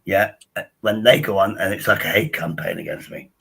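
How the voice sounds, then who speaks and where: A man hosts a casual livestream. His voice is low and husky, with a bright, forceful edge. He rambles, restarts often and tells crude jokes. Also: fairly quick, poor audio. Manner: rambling, restarts a lot, bawdy humour. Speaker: livestream host.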